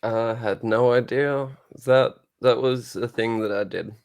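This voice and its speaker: A man in a casual interview, talking in a dry, low-key, near-monotone way. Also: unhurried, creaky, smooth. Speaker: guest, show co-host and musician.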